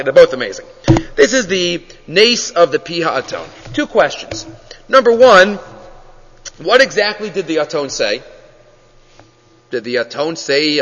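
A man teaching a Torah class as a rabbi, animated and full of questions. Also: high voice. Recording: dull lo-fi audio in a reverberant hall.

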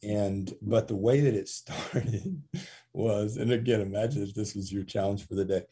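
A man in ministry telling lively stories in a podcast interview, acting out what people said. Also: on the low side, normal speed, breathy edge. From USA. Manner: animated storyteller, acts out quotes with laughs. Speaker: prison minister.

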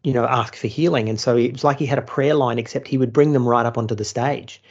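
Gravelly man telling a blunt story. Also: medium pitch, quick pace, muffled recording. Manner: blunt, swears freely, animated storytelling. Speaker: former churchgoer turned atheist, storyteller. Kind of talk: casual podcast chat.

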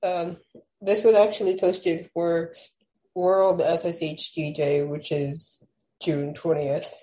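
A young woman, a podcast guest, chatting casually and then reading her own poem aloud with slow, measured stresses. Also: fairly low pitch, flat delivery, dark tone, a little hiss or hum, rough recording. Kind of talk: casual chat and poetry reading.

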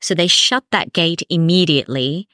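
A woman's voice: on the low side, moderate pace, dry recording, clean studio sound. Candid woman telling a personal story. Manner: candid, animated storytelling with laughs. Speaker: podcast guest. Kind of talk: emotional personal conversation.

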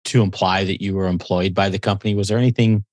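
A man hosting a podcast interview, asking measured, thoughtful questions. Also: sits low, fairly even intonation, a little mellow, dry recording. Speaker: podcast host.

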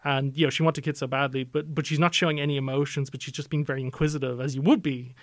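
A man's voice: medium pitch, little pitch movement, quick pace, no room sound, clean studio sound. A young adult man co-hosting a podcast, talking through a film in a casual, analytical way with many filler phrases. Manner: chatty, analytical, many "you know" fillers. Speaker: podcast co-host.

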